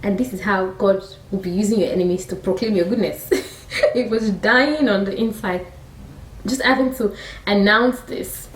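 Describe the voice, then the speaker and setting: A woman's voice: mid-range voice, moderate pace. Chatty Nigerian woman retelling a Bible story. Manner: chatty, animated, laughing asides. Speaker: faith storyteller, vlogger. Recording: roomy sound from a distant mic.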